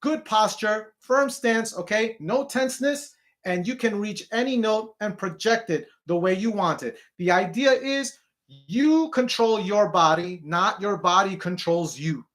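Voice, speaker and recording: A man's voice: high-pitched, measured pace, fairly bright tone. A man teaching an online singing lesson, explaining posture and technique step by step and checking in often with the learner. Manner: encouraging, repeats "okay?" to check in.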